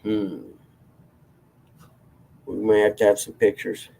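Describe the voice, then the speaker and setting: A man with a low, gravelly voice and a dark, mellow tone chats loosely with viewers as a livestream host. He rambles, puts himself down in good humour, and chuckles easily between thoughts. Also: level tone, slow pace. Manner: rambling, self-deprecating, chuckles often. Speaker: livestream host reading chat. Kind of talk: casual chat.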